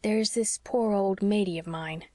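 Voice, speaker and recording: A woman reading as a frail, gentle old sea captain. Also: mid-range voice, measured pace, dry recording, studio quality, natural voice. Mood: tender.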